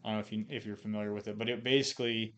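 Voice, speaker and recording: A man's voice: lowish voice, steady tone, racing, fairly bright tone, dull audio. A man from Idaho, a podcast guest and former Marine, telling casual stories in a profane, rambling way full of fillers and restarts. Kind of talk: casual storytelling.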